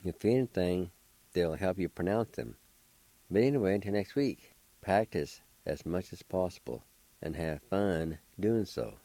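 A man's voice: sits low, lively intonation, a little slow, vocal fry, warm tone, no room sound, poor audio. A middle-aged man, patiently spelling and pronouncing words as a radio language teacher. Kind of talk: slow spelling and pronunciation lesson.

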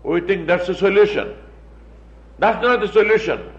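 A man's voice: sits high, normal speed. A man preaching a sermon, emphatic and repetitive, with mocking asides. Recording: dull, echoey room sound.

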